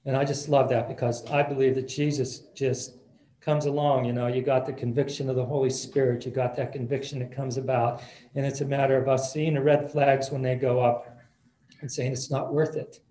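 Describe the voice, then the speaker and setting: A man's voice: mid-range voice, flat delivery, brisk, dark tone, echoey room, poor audio. A man preaching a sermon as pastor in an easygoing, conversational way, often repeating words as he restarts.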